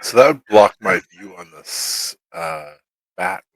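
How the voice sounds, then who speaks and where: A man's voice: deep voice, animated, slow pace, a bit bright, slightly rough, dry recording, low-quality recording. A man playing a tabletop game, talking hesitantly and second-guessing his choices. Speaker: player.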